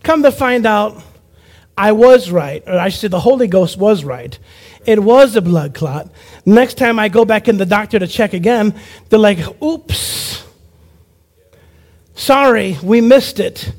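A man preaching a personal testimony sermon as an evangelist, telling his story with animation, acting out other people's lines, and dropping low and quiet for emphasis. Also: moderate pace. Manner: animated storyteller who acts out quoted voices.

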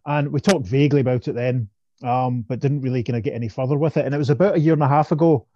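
A man's voice: medium pitch, fairly even intonation, fast, mellow, lo-fi sound, slight background noise. A man co-hosting a podcast, chatting casually with frequent laughs and restarts. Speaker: podcast co-host. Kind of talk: casual chat.

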